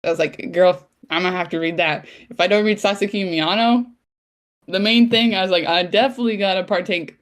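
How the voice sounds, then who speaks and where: A woman co-hosting a casual podcast, gushing excitedly and acting out her own reactions. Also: fairly low pitch. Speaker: podcast co-host. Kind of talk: casual chat.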